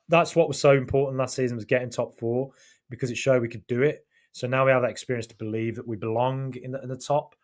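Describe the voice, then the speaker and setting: Chatty man hosting a fan podcast. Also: medium pitch. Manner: chatty, thanks viewers, many fillers and restarts. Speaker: podcast host reading live chat. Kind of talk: casual live-stream chat.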